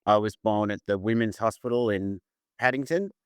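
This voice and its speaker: An Australian man talking as a guest in a relaxed interview, telling stories with plenty of restarts. His voice is low, smooth and resonant, and the sound is close and dry. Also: normal speed, no echo. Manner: chatty, storytelling, frequent restarts. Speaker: musician guest. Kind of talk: casual interview chat.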